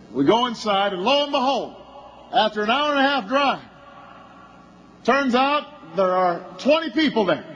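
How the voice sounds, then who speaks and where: A man with a strikingly high voice tells a long story at a campaign rally. He works slowly toward bursts of shouting, and a faint ambient hum runs underneath. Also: muffled recording. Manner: anecdotal storytelling that builds to shouting. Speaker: politician.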